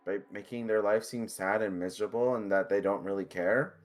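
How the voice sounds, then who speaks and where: A man's voice: fairly low pitch, fairly even intonation, a little fast. A man playing a character in a tabletop game, describing his character's actions and speaking lines in character, laughing often. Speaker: player.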